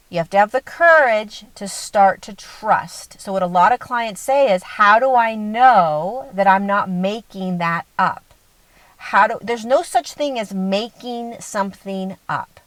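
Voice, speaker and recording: A woman's voice: medium pitch, no echo, poor audio. A woman giving a spiritual talk as a teacher, earnest and often checking in with the listener.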